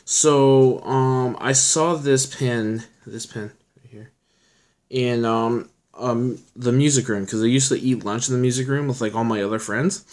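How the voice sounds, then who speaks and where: Casual vlogger, young adult male, mid-pitched, loose and rambling delivery. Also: steady tone, a little slow, darkish tone. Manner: rambling, filler-heavy, chatty storytelling. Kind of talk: casual chat showing his collection.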